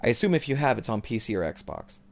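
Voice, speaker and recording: A man's voice: medium pitch, very animated, fast talker, creaky. A man streaming a video game from home, giving loose live commentary that often trails off and corrects itself. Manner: rambling, loose and self-correcting.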